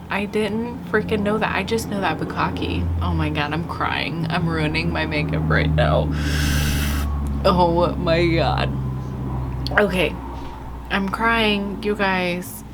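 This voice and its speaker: A woman's voice: medium pitch, a little hiss or hum. A woman vlogging casually as she does her makeup, chatty and candid, rambling with lots of "like" and "you guys". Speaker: beauty vlogger. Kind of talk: casual chat while doing makeup. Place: home with kids' video playing behind.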